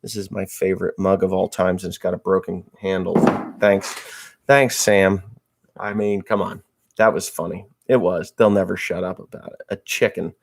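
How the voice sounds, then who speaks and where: A gravelly man hosting a relaxed livestream from his home. He talks loosely, reads viewers' messages aloud and tells crude jokes at an unhurried pace. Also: low-pitched. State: just woke up, a little slow. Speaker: livestream host. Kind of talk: casual livestream chat.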